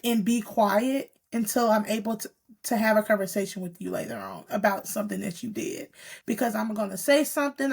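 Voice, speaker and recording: A woman hosting a candid conversation, her voice gravelly and rough around the edges, with a raised pitch for a woman. She talks earnestly and thinks aloud, often going back over her own words.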